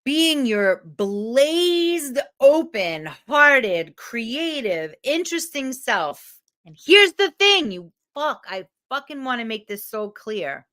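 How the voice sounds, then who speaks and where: A woman's voice: sits high, slow, few pauses. A woman coach giving a candid, emotional motivational talk to camera, swearing freely. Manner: animated.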